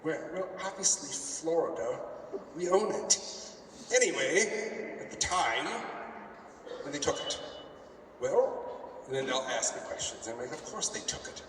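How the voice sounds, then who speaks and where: A man's voice: fairly high pitch, animated, a little slow, pauses often, a bit bright, a little hiss or hum. A man casually telling a story to a convention audience, rambling and joking as he acts out bits of dialogue. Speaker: convention event organizer. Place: convention hall. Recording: echoey hall, mic from far off.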